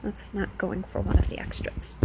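A woman's voice: moderate pace, heavy background noise, close to an everyday voice. A woman playing a teasing New Jersey club dancer. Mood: flirty teasing. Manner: playful, teasing, coaxing. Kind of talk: first-person audio role-play.

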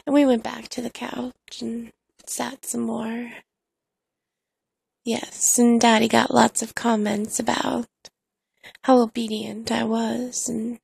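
Woman, intimate erotic storytelling, hushed and unhurried, gravelly and flat-toned. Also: fairly high pitch, dry recording. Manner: hushed and slow, with soft sighs between phrases.

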